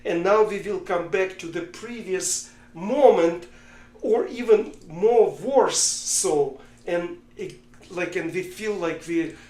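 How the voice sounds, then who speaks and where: A man co-hosting a podcast, talking politics casually in a halting way and telling jokes. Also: high voice, a little mellow, reverberant. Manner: halting, with many fillers and restarts, telling jokes. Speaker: podcast co-host.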